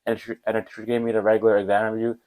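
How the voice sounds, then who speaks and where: A young man, rambling and animated as he tells a casual storytime about school. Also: lowish voice, very fast, rough recording. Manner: animated, rambling, with fillers like whatever and blah blah. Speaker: vlogger.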